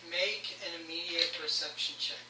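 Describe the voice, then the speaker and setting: A woman's voice: fairly low pitch, fairly even intonation, normal speed. A woman running a tabletop game as game master, narrating rolls in a matter-of-fact way. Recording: echoey room from far off, background noise.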